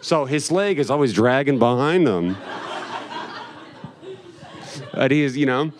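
A man's voice: mid-range voice, animated, unhurried, a little hiss or hum. A man doing stand-up, telling a long, profane story in a rambling way and laughing along as he goes. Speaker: stand-up comedian.

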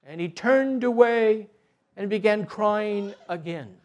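Man, storyteller, religious tale, gentle, deliberate, high pitch, very slow. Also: highs cut off.

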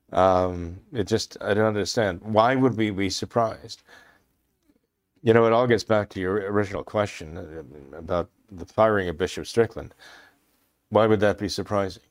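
Emphatic man clearing his throat. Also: fairly low pitch, moderate pace. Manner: impassioned, emphatic, repeats phrases for stress. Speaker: commentator. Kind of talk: religious commentary discussion.

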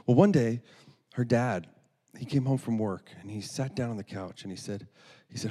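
A man's voice: medium pitch, moderate pace, warm tone. A man preaching through a story, earnest, often restarting and repeating words. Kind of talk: storytelling sermon.

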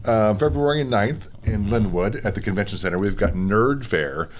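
A man with a low, lively voice who co-hosts a casual podcast recorded at a game store table. He reads out convention news and jokes around. He rambles a bit and trips over his words. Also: normal speed, slight background noise. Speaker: podcast co-host reading con news. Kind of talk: casual chat.

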